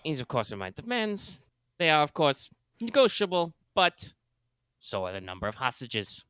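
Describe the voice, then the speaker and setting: A man's voice: on the high side, huge pitch swings, fast, clean tone, no room sound, voice pushed up. A man voicing a mock-polite male villain holding hostages, in a vague put-on space European accent, pompous and overly courteous. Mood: menacing.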